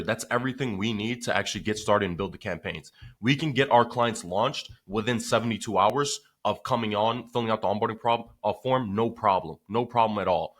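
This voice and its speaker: A man who runs a business telling a story in a casual vlog, animated and swearing freely with lots of filler. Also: lowish voice.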